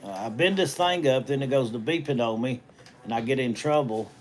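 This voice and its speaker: Brisk and mid-range, a middle-aged Southern US man reads viewer comments during a phone livestream from a hospital treatment room. This host and auctioneer keeps it casual, rambling in folksy country talk.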